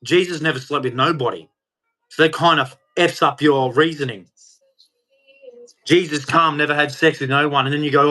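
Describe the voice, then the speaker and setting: A man's voice: a little high, normal speed, sharp tone. A man delivering an angry, heated rant, swearing and speaking with hard emphasis. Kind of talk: angry ranting monologue.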